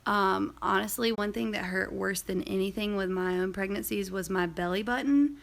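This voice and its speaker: A young woman chats her way through a personal story, rambling and full of asides. Her mid-range voice carries a gravelly fry that shows up often. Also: mid-range voice, moderate pace. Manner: chatty, rambling, many fillers and asides. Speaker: vlogger. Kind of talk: casual storytelling vlog.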